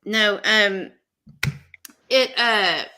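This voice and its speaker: Bright-voiced Southern woman chatting. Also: mid-range voice, extremely slow, a little hiss or hum. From Texas. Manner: animated, joking, chatty. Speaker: podcast host. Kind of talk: casual reality-show recap chat.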